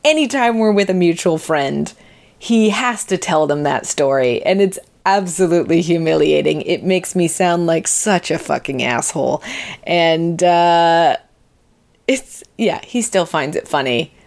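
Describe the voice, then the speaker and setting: A woman's voice: on the low side, unhurried, vocal fry, a little mellow. A woman hosting a podcast, telling a story about herself in a candid, self-deprecating, chatty way, swearing casually and laughing at herself. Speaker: podcast host. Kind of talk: casual monologue intro.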